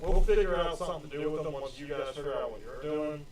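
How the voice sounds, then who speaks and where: A man playing a gruff, businesslike male guard captain who talks briskly and dismissively. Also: a little high, darkish tone, lightly acted. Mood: brusque. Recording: roomy, distant mic, faint noise.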